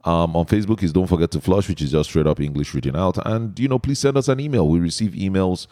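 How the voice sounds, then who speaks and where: A man's voice: deep voice, quick pace, dark tone, dry recording, clean studio sound. A man from Nigeria with an Igbo accent, hosting a podcast in a chatty way and laughing often. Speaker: podcast host.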